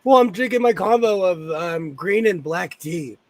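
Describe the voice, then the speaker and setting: A man with a Southern Californian accent hosting a casual group chat about sewing, talking fast and playfully. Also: high voice, animated, dry recording. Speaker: sewing channel host.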